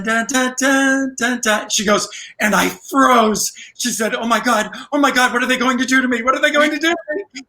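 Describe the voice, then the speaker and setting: Bright-voiced man sharing fond stories. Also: sits high, rough recording. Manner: fond storytelling, quoting others. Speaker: guest performer. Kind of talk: casual chat.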